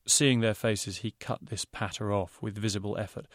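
A man, an author reading his own children's novel aloud in steady storytelling narration. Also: on the low side, moderate pace, hardly any pauses, no echo, clean studio sound.

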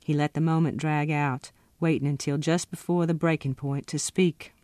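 A woman's voice: low-pitched, normal speed, no room sound. Woman author reading her novel, dry and close. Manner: steady, expressive first-person narration.

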